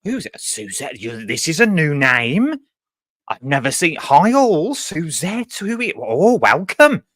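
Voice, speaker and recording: A man's voice: fairly high pitch, very animated, a little slow, fairly bright tone, dry recording. A man hosting a casual live stream from a makeshift home studio, speaking, chatty and jokey as he reads out viewer greetings. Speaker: host.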